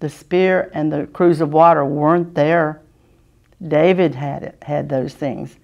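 Slow gravelly woman teaching Sunday school. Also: sits low, steady tone, darkish tone, lo-fi sound. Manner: patient, asks children questions, clears throat. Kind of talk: children's Bible lesson.

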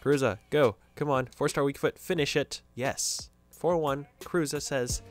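A young man giving casual, jokey video game commentary, reacting loudly to every play. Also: medium pitch, moderate pace, hardly any pauses, no room sound, soft background music. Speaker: gaming YouTuber.

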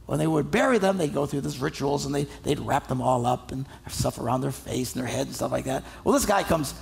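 A male pastor delivering a sermon, telling stories in a lively, humorous way and acting out the people in them. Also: medium pitch, a little fast, vocal fry. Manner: animated, humorous storytelling with acted-out voices.

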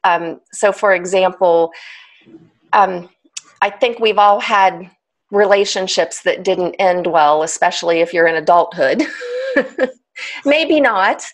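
A woman, a trauma specialist explaining ideas as a podcast guest, animated and laughing often. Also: on the low side, takes it slowly, pauses often. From United States. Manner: animated, laughs often, acts out inner voices.

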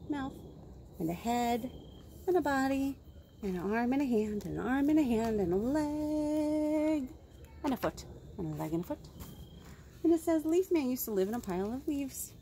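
A woman librarian reading picture books aloud to young children, animated and full of gasps and questions to her listeners. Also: a little high, normal speed, pauses often, a little hiss or hum.

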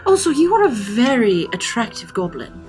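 Lively woman running a tabletop game. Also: a little high, normal speed, faint music behind. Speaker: game master.

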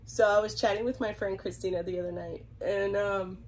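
Chatting casually to camera, a young woman with a Southern US accent talks about her reborn doll collection while stuffed up with a cold and giggling a lot. She speaks fairly quickly in a steady, mid-range voice, and the rough recording has a slight hiss or hum.

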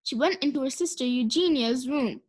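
A woman narrating a children's storybook with clear, measured pacing. Her voice is high. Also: darkish tone. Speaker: audiobook reader. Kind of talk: children's storybook read-aloud.

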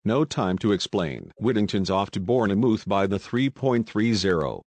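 Man doing eager young englishman, brisk, urgent, low voice, storybook. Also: animated, a little mellow, dry recording.

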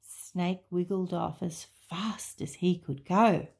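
An Australian woman reading a children's story and a devotion in a calm, measured manner. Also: fairly low pitch, gravelly. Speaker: church story reader.

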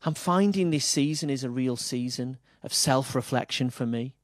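A man with an English accent preaching a sermon, earnest, moving between firm emphasis and soft quiet lines. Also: medium pitch, normal speed, no room sound. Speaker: pastor.

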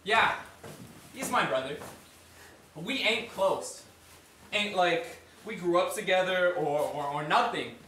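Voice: medium pitch, expressive, slow, pauses often, bright, forceful tone, slight background noise. An actor performing a stage monologue as a brash young man, talking in swaggering, profane street slang. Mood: defiant. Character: brash young Canadian man telling of his half-brother. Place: theatre stage. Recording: roomy stage sound from far off.

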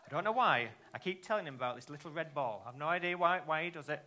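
A man's voice: on the high side, animated, quick pace, bright, forceful tone. A man performing a live children's magic show, teasing and playful, constantly asking the young audience questions. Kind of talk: live kids' show patter.

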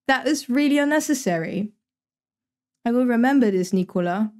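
A woman's voice: on the high side, animated, normal speed, long pauses, a little mellow. A young woman streaming herself playing a game, chatting casually, thinking aloud and swearing freely. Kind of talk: casual live-stream commentary while gaming.

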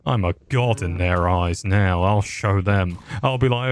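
A man's voice: low voice, measured pace, few pauses, a little hiss or hum. A young man giving sarcastic, rambling commentary over a game, swearing often. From England. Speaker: gaming YouTuber. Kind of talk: casual gameplay commentary.

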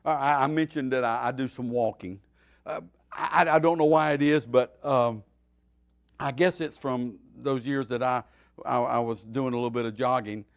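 A man, a pastor, teaching a Bible study in a folksy, animated preaching style that swings between loud and quiet. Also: mid-range voice, moderate pace.

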